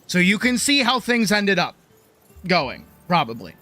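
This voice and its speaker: A woman streamer telling a casual, animated story, swearing freely and acting out other people's lines. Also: on the low side, a little slow, dry recording, soft background music. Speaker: streamer and artist.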